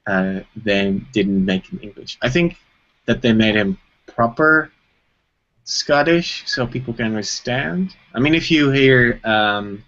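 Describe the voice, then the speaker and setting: A man's voice: mid-range voice, expressive, slow pace, fairly bright tone. Man, co-host on a lo-fi live stream; rambling casual chat full of fillers. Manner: rambling, lots of fillers and restarts. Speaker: co-host of a live web show. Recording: dull lo-fi stream audio.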